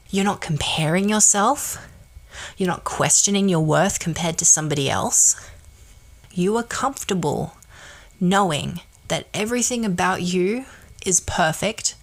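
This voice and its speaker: Woman, podcast host, low pitch, gravelly fry, blunt emphatic pep talk. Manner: blunt, emphatic, swears casually. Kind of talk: motivational monologue.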